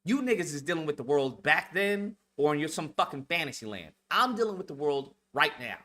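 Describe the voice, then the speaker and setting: Man, high-pitched, bright edge; hosts a blunt, profane lecture-style rant. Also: sing-song, brisk. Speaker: channel host. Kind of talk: heated monologue rant.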